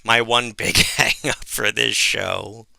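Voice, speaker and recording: A man co-hosting a podcast in casual chat, animated and laughing as he tells stories. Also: lowish voice, takes it slowly, vocal fry, no echo. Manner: mimics voices in quoted anecdotes. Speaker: podcast co-host.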